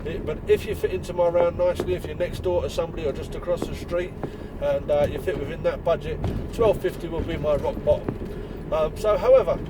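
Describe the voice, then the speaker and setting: Tradesman, angry blunt rant, high-pitched man, faint traffic behind. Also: a little fast. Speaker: window cleaner. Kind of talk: ranting vlog to fellow tradesmen.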